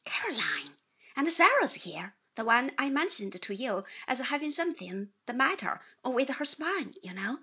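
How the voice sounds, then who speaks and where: A woman's voice: high-pitched, big pitch swings, normal speed, hardly any pauses, sharp tone, husky, full character voice. A woman voicing an earnest, chatty young married man who drops into confidential tones, on slightly dull audio. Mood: eager. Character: cheerful young man, newly married lawyer.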